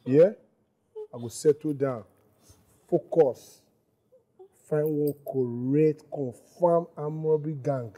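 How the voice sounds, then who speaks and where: A man's voice: on the high side, slow pace, pauses often, dark tone. A man playing a pleading okada rider with a Pidgin accent. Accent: Nigerian Pidgin. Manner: coaxing, pleading.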